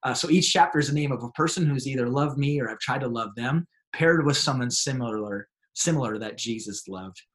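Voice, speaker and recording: Young male pastor guest, lively anecdote teller, middle pitch. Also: brisk, hardly any pauses. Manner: animated storyteller, acts out excited voices. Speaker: pastor and author. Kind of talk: interview storytelling.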